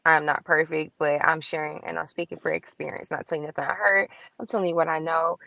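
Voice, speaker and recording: A woman's voice: low voice, steady tone, fast talker, creaky, bright, forceful tone, dry recording. A woman co-hosting a podcast, talking in an earnest, preachy way and quoting scripture. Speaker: podcast co-host. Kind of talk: casual podcast talk.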